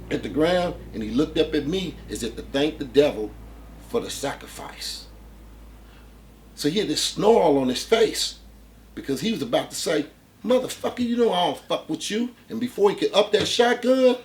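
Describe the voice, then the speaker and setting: Animated man telling a street story. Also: fairly high pitch. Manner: animated, profane, conversational, with many "man" fillers. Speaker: storyteller, channel host.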